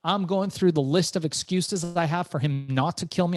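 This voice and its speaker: Animated middle-aged man telling a story. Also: on the high side, moderate pace. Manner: animated storyteller, repeats words when excited. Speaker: entrepreneur guest. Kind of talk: storytelling interview.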